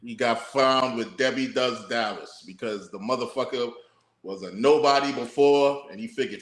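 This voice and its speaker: A man's voice: mid-range voice, moderate pace, reverberant. A man co-hosting a podcast, musing in a laid-back, profane way. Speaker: podcast co-host. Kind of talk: casual podcast chat.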